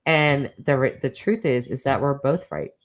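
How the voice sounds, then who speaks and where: A woman's voice: a bass voice, animated, slight background noise. A middle-aged woman hosting a casual livestream chat, reading viewer comments with teasing asides and frequent laughs. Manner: chatty, teasing, laughs often, quick asides.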